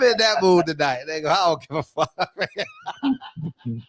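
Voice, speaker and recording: A man's voice: a little high, very animated, unhurried, long pauses, a bit bright, no echo. A man hosting a live call-in show, talking brash, profane and amped up in casual chat.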